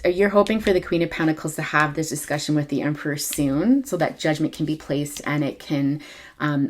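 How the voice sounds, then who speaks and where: Low-voiced woman giving a halting tarot reading. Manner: halting, many ums and self-corrections. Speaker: tarot reader. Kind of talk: casual tarot reading to camera.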